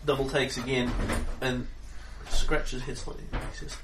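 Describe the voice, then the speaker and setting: A man narrating a tabletop game as game master, relaxed with frequent fillers. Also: mid-range voice, normal speed, background noise. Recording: echoey room, far from mic.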